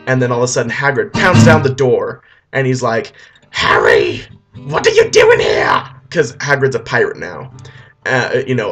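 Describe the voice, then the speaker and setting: A man rambling offhand through a comic story retelling, with loose restarts. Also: medium pitch.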